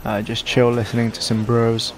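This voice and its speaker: A young man with a sore, hoarse throat, giving casual, rambling gameplay commentary in a tired, self-deprecating way. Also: medium pitch, completely flat delivery, normal speed, slight background noise. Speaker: gaming commentator.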